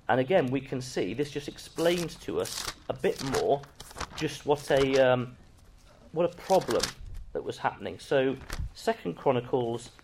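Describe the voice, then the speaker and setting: A man preaching a Bible-teaching sermon, reading scripture slowly and with emphasis between plain explanation. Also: mid-range voice, darkish tone, a little hiss or hum.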